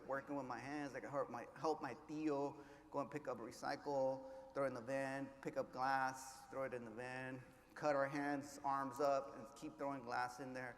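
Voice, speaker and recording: A man giving an inspirational keynote, telling his story with hushed lows and loud surges, mixing in Spanish words. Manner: passionate, swings between hushed and loud, drops Spanish words. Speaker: keynote speaker. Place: large conference hall. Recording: echoey hall, faint ambience.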